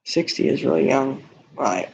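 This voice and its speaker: A man's voice: medium pitch, animated, normal speed, vocal fry, a little mellow, breathy edge. A man hosting a casual livestream, reading viewer comments and talking bluntly and candidly, often laughing at his own remarks. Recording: dull lo-fi stream audio.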